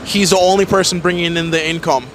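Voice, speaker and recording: A man's voice: on the high side, fairly even intonation, fast talker, a crowd in the background. A man interviewing people on the street with short, blunt questions.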